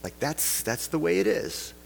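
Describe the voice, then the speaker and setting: A man with a husky voice preaches a casual sermon, tossing out rhetorical questions and wry joking asides. His voice carries through the long, lingering reverb of a large church hall. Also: a little high, very animated, moderate pace. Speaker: pastor.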